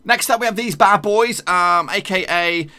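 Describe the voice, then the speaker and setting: A man's voice: high voice, normal speed, pushed and bright, clear, resonant tone. A man hosting a football channel, talking in a chatty, jokey way with plenty of slang. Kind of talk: casual football vlog.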